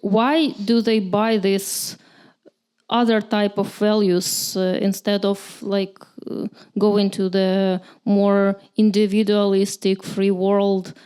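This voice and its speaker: Hesitant woman asking a question, smooth voice. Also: mid-range voice, level tone, slow, warm tone. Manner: hesitant, searching for words. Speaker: audience member asking a question. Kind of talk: audience question.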